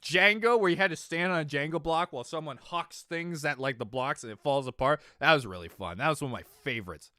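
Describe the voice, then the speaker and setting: A young adult man chatting casually on his stream, telling stories animatedly, swinging from mumbles to loud exclamations, laughing and swearing freely. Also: on the high side, brisk, few pauses, dry recording, clean studio sound. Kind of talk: casual chat.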